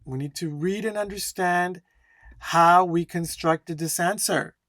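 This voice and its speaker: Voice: medium pitch, fairly bright tone, no echo, clean studio sound. A speaking test instructor teaching a lesson, stressing key words and often checking in with "okay?". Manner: slow, emphatic, keeps checking in with "okay?".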